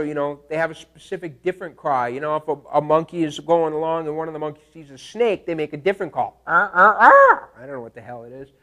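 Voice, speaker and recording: Male instructor, light high voice, relaxed classroom lecture, animated storyteller who keeps asking "all right?". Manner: animated storytelling, acts out screams and animal calls; casual, checks in with "okay?" and "all right?". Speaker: teacher.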